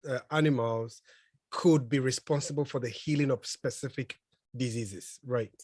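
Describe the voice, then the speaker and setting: A man hosting an interview, asking slow, hesitant questions full of "um"s and answering along with "mm-hmm". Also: mid-range voice, a little mellow, slightly rough, no echo. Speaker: host interviewer.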